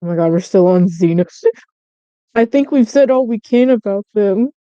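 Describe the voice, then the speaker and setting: A woman's voice: mid-range voice, lively intonation, moderate pace, dark tone, smooth, no room sound. A woman chatting playfully on a podcast, teasing her friends. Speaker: podcast guest. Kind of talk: casual chat. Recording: slightly dull lo-fi audio.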